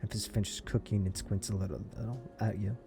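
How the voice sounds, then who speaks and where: A man playing a story game, reading its text aloud and breaking into excited comments and laughs. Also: fairly low pitch, a little fast, creaky, music in the background. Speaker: let's play gamer.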